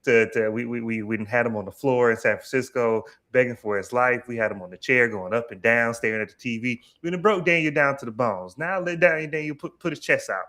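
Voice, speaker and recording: A man co-hosting a casual TV recap, animated and slangy, often stammering and restarting. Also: medium pitch, a little fast, few pauses. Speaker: podcast co-host.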